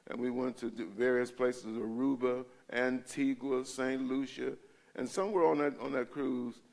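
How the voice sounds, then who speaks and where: A man's voice: mid-range voice, gravelly, darkish tone. A male pastor teaching a Bible study in a church, talking in a conversational way and often checking in with his listeners.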